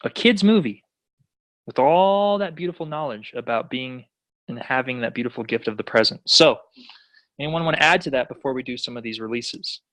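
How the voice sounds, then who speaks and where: A man's voice: mid-range voice, expressive, normal speed, fairly bright tone, no echo, poor audio. A man leading a personal growth class, enthusiastic and encouraging, affirming what others say. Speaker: class leader.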